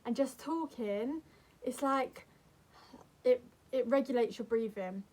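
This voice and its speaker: A young woman vlogger giving calm, earnest advice to camera in a gentle, soothing way. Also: fairly high pitch, takes it slowly. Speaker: mental health vlogger.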